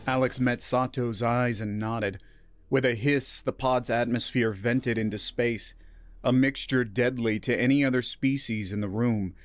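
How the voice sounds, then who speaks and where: A man narrating a scripted science fiction story in a steady, even reading voice. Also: medium pitch, no echo.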